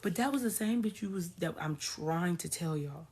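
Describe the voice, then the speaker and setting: A woman's voice: lowish voice, animated, moderate pace, dark tone, husky. A woman spiritual coach giving casual ranting commentary to her followers, talking emphatically and repeating phrases for stress.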